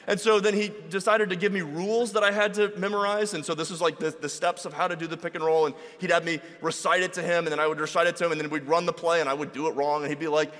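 A man preaching a sermon in a relaxed, conversational storytelling way, acting out the voices of people in his stories. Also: a little high, fast talker, hardly any pauses. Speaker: pastor. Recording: reverberant hall.

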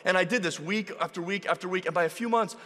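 A man preaching a sermon in a relaxed, conversational storytelling way, acting out the voices of people in his stories. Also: high-pitched, fast talker. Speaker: pastor. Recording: reverberant hall.

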